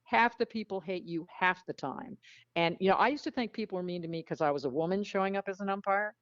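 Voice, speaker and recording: A woman tells frank, animated stories as an interview guest, blunt and lively in her delivery. The recording is muffled and lo-fi. It is also very dry, with no room sound. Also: mid-range voice, fast, no room sound. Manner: animated, frank storyteller who acts out quotes. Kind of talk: storytelling in a casual interview.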